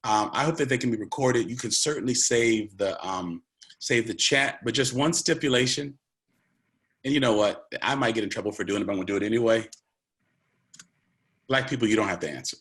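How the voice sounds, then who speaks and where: A man with a somewhat low voice leads an online session. He talks in an earnest, conversational way, pressing on key points with emphasis. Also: fairly quick, a bit bright. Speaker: presenter. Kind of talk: live online presentation.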